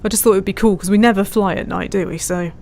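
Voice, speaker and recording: A woman's voice: mid-range voice, fairly even intonation, fast talker, a little mellow, slight background noise. Giggly woman streaming chat. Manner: chatty, giggly, reads chat aloud. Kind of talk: casual live-stream commentary.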